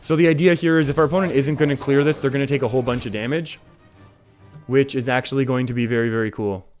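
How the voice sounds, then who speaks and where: A man's voice: mid-range voice, steady tone, fast, darkish tone, faint music behind. A young Canadian man with an English Canadian accent, casually commentating a card game and reading viewer comments, laughing often. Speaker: streamer.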